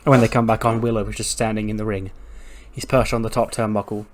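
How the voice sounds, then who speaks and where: A man's voice: lowish voice, little pitch movement, fast talker. A man narrating a wrestling game in a casual, chatty way, recapping scenes and chuckling often. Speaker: video game commentator. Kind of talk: casual let's-play narration.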